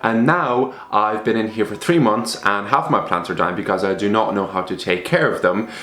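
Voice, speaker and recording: A man's voice: on the low side, moderate pace, bright, forceful tone, roomy sound. A young man chatting casually to the camera at home, rambling and poking fun at himself. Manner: chatty, self-mocking, rambling. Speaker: vlogger. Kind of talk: casual vlog chat. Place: apartment at home.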